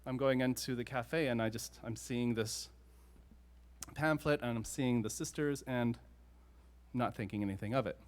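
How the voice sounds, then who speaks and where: A man with a Southern US accent, a singer-songwriter telling stories between songs on stage, chatty and self-deprecating with quick asides. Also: medium pitch. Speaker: singer-songwriter performing live. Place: live music venue showroom. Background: faint guitar.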